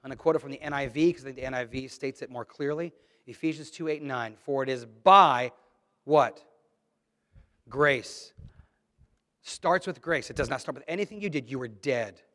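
A man's voice: medium pitch, brisk, in a large hall. A middle-aged man preaching a sermon in a church, reading scripture and speaking in an emphatic, conversational way. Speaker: pastor. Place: church sanctuary.

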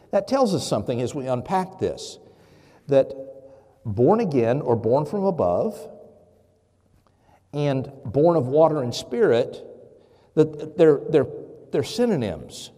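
A man's voice: medium pitch, mellow, in a large hall. A man preaching a conversational sermon as pastor, with many fillers and restarts.

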